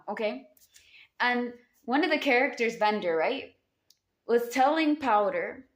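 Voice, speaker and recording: Affectionate Southern woman reading tarot cards. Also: fairly high pitch. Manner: affectionate, calls viewers honey and baby. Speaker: tarot card reader. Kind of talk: casual tarot reading to camera. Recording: roomy echo.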